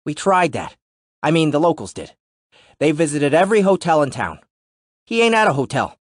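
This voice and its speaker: A breezy, joking cop who shrugs things off, as a male narrator acts him out. The voice rides above the narrator's low tone, loose and casual, recorded dry and close. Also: big pitch swings, normal speed, dry recording. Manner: wisecracking, breezy. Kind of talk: audiobook narration.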